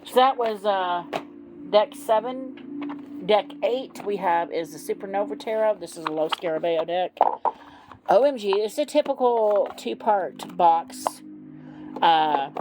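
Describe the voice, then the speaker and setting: A woman's voice: medium pitch, measured pace. A middle-aged woman reviewing tarot decks in a casual, gushing vlog, giggling often and using plenty of fillers. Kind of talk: casual show-and-tell vlog. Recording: noticeable background noise.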